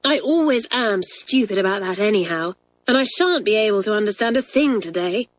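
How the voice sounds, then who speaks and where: A woman's voice: medium pitch, lively intonation, brisk, lightly acted. A woman voicing a worried schoolgirl who frets about her lessons, with a lifted, fretful voice in a storybook reading.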